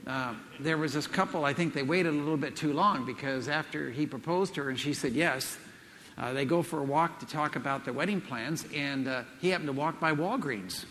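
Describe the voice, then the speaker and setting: An older man speaking at a Christian event gives a seminar talk in a large hall full of people, telling jokes in a folksy, chuckling manner packed with fillers. His voice is on the high side, brisk and a bit bright. Long hall reverb trails his words.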